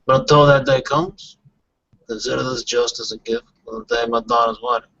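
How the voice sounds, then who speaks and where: A man imitating a raspy, slow, menacing old male mob boss. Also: medium pitch, steady tone, pushed and bright, recorded from a distance, slight background noise, voice pushed down. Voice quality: gravelly, husky. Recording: dull lo-fi sound.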